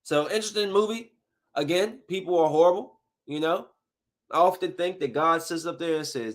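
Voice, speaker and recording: A man's voice: on the high side, moderate pace, fairly bright tone. A male podcast host in a casual, profane rant, full of sudden outbursts as he reviews shows.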